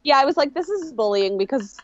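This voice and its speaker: A woman's voice: high voice, animated, a little fast, no echo, lo-fi sound. A young woman co-hosting a podcast, recapping a reality show in casual chat and acting out quotes as she goes. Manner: chatty storyteller, acts out quotes. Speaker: podcast co-host.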